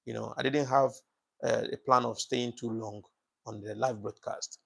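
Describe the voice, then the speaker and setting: A man talks to viewers on a live broadcast, his voice rough with gravel at a middling pitch. He thanks people by name over and over, stumbles through fillers, and turns preachy and fervent about politics. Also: steady tone, moderate pace. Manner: passionate, preachy political commentary. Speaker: live-stream host. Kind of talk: casual live broadcast chat.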